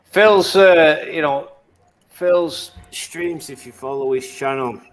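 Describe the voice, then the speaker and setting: A man chatting as a guest on a stream, halting and stumbling over his words. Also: a little high, noisy background. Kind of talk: casual chat.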